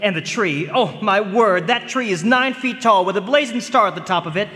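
A man plays a lovestruck young suitor who stammers when flustered. His voice is high and bright, with a roomy reverb. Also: normal speed. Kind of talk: radio drama acting.

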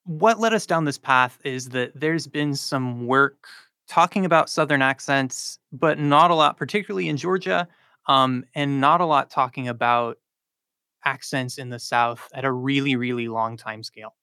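A male linguistics professor from North Carolina explains his findings in a fluent, lecturing way, with frequent likes and ums. His voice is bright and forward, and it sounds close and dry in the studio. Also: mid-range voice, normal speed, clear, resonant tone, no echo. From South Charlotte, North Carolina. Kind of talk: radio interview answers.

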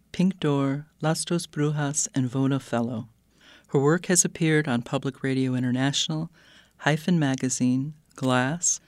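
A man hosting a poetry program, reading a guest's introduction in an even, formal way. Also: medium pitch, no echo, clean studio sound. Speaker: host. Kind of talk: scripted introduction.

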